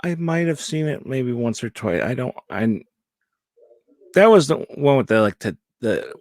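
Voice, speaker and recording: Man, mid-pitched, dry sound, laid-back, short replies, casual chat. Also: sing-song, measured pace, no room sound. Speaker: podcast co-host.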